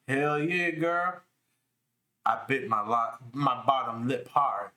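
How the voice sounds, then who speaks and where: Slow, bright-voiced man reading aloud. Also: mid-range voice, animated. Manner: laughing through a crude novel reading. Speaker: podcast co-host. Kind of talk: comedic dramatic reading.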